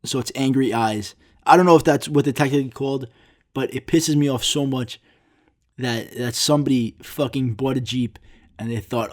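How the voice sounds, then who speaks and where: A young man rants alone into his podcast mic, swearing freely and sounding exasperated. He keeps slipping into mocking impressions of the people who annoy him. His voice sits at an ordinary middle pitch for a man. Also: moderate pace, darkish tone. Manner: profane, exasperated ranting. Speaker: podcast host. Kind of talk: solo podcast rant.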